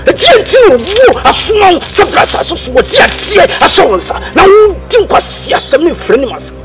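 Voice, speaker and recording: An actor playing a distraught man who laments and scolds in a passionate monologue, now crying, now shouting. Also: very high voice, sing-song, fairly quick, exaggerated voice, rough recording. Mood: lamenting. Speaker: film character. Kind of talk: emotional dramatic monologue. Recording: movie dialogue over loud music score.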